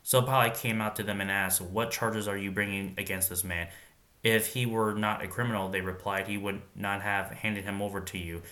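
A man with a deep voice reads a Bible passage and keeps pausing to wonder aloud about it. His tone is bright and forceful, and he moves between steady reading and loose, musing commentary. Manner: reads scripture aloud, then pauses to muse and wonder aloud.

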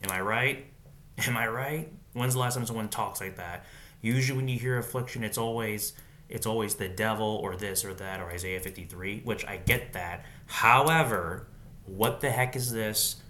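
A man's voice: on the low side, steady tone, normal speed, fairly bright tone. A man reading Bible verses aloud in a casual way, breaking off now and then with slangy comments of his own.

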